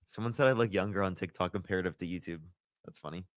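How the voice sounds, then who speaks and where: A man's voice: low-pitched, fast talker, no room sound. A man hosting a debate livestream, rambling with many fillers. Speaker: livestream host.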